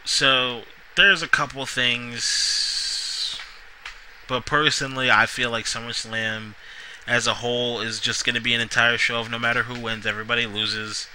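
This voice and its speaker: A man's voice: mid-range voice, fairly even intonation, a little slow, pushed and bright, slight background noise, rough recording. A man reviewing a wrestling show in a casual, rambling solo vlog, full of asides and restarts. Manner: rambling, lots of fillers and restarts.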